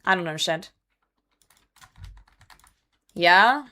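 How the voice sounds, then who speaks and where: A woman's voice: fairly low pitch, lively intonation, drawn-out words, pushed and bright. A young woman streaming a game and chatting casually, reading chat messages aloud and laughing often. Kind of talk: casual gaming livestream chat.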